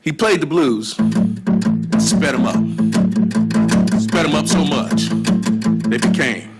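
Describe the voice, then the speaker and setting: A man's voice: on the high side, slow pace. A man lecturing as a blues historian and guitarist to a live audience, telling stories in a folksy manner and breaking into song. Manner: folksy storyteller, drawls into song. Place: live event before an audience. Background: guitar playing.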